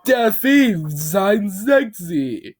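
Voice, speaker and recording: A man's voice: fairly high pitch, animated, slow, voice pushed up. A man voicing an unhinged cartoon builder who rants and screams in a raised, manic voice. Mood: ranting. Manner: yelling, manic, ranting.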